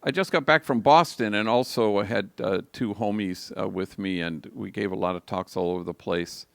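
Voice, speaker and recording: A man's voice: fairly low pitch, no room sound. An older man, a priest, telling a story in a reflective homily at a live liturgy. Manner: slow, reflective, gravelly delivery.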